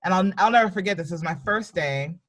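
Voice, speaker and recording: Animated woman comedian telling stories. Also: on the low side, fast talker. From New York and Virginia, US. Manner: animated, acts out voices in anecdotes. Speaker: comedian guest. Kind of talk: casual storytelling in a podcast.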